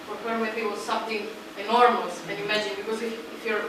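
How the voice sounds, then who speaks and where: A woman in the audience throws in quick, lively questions. She sounds distant from the mic, in a strongly echoing hall with steady noise behind her. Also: medium pitch. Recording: echoey hall, distant, noisy.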